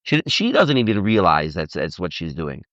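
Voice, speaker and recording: Man, rabbi lecturing, low voice, very lively pitch, dull lo-fi sound. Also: normal speed, no echo. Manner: animated, repeats words, acts out dialogue. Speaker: rabbi teaching on marriage. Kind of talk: informal lecture with audience questions. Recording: dull lo-fi dry recording.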